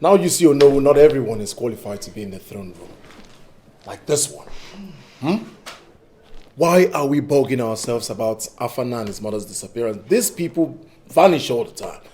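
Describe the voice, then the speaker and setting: An actor with a Nigerian accent playing an arrogant, scheming young prince who mocks others and craves the throne. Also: male voice, medium pitch, lively intonation, normal speed, a little mellow, a little hiss or hum, natural voice. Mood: mocking. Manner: mocking, dismissive and theatrical. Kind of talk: Nollywood film acting.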